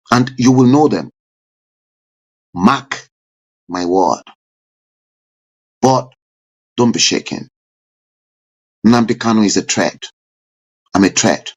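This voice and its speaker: Male streamer-host, fervent and declamatory, husky, drawn-out delivery. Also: fairly low pitch. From Nigeria. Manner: fervent, declamatory, with sudden loud rising bursts. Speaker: live-stream talk show host. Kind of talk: impassioned political commentary.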